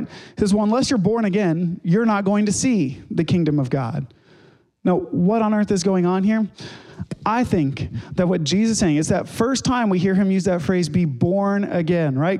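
A man's voice: high-pitched, warm tone. A male pastor giving a sermon, retelling a scripture story in a conversational way with casual asides.

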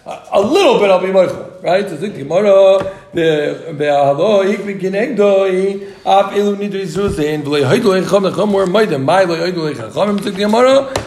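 A man leading a casual Talmud class, joking with students and chanting the text in quick bursts. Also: sits high, a little mellow. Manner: joking, rapid singsong study chant. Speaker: Talmud teacher. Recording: echoey room.

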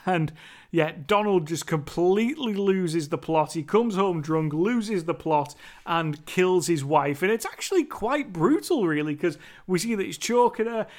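High-voiced man rambling through a movie review. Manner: laughing, rambling, mimics film lines. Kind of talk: casual spoken movie review.

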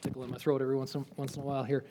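A man preaching a sermon in a lively, conversational teaching manner, asking his listeners questions. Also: mid-range voice, very fast, long reverb tail, noisy background. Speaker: pastor.

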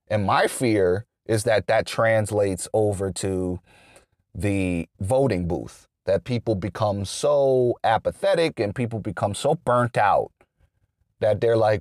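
A man talks through a long, unscripted political monologue. His voice sits on the low side and the sound is close and dry, with no room echo. He rambles, restarts his sentences and leans on fillers as he works through his points. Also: a little slow, a little mellow. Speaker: political commentator.

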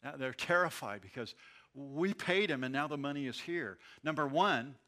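A man's voice: mid-range voice, lively intonation, moderate pace, pushed and bright. A man teaching verse by verse through a scripture passage, reading and then explaining in a conversational way, often restarting his words. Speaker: Bible teacher. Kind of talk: verse-by-verse sermon.

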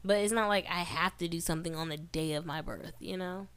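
A woman co-hosting a casual podcast with her husband, candid and quick to laugh. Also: on the low side, fairly even intonation, a bit bright, clean tone. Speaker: podcast co-host. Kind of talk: casual chat.

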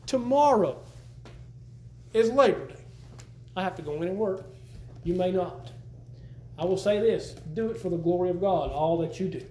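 Man preaching in church, high voice, folksy, emphatic, echo from the room. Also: animated, normal speed, long pauses, darkish tone, slight background noise. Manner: folksy and emphatic, repeats words while teaching. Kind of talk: sermon.

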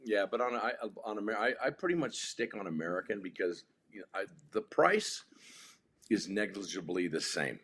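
A man's voice: fairly low pitch, expressive, moderate pace, a bit bright, a little hiss or hum. A man telling long rambling anecdotes in casual chat as a podcast guest, with frequent restarts.

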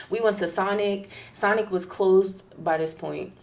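A young woman telling a casual story in an animated, profane way, acting out the people she quotes. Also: a little fast, hardly any pauses. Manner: acts out quoted people in a higher, louder voice.

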